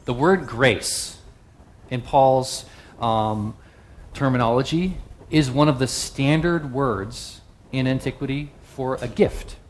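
Man, sermon, mid pitch, conversational, asks the room questions, faint background noise. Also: takes it slowly. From the West. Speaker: preacher.

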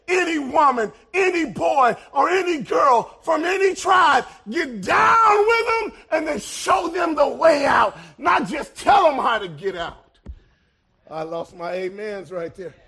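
A man preaching in an unusually high, gravelly voice, his delivery slow and deliberate. He swells into ringing shouts, then falls to near-hushed asides, with a bright, forceful edge on the loud peaks. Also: animated. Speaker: pastor. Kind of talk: sermon.

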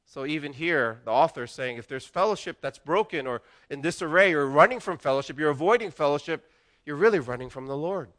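A man's voice: on the high side, animated, fairly quick, a bit bright. A middle-aged man preaching a sermon as pastor, earnest and conversational, often restarting his phrases.

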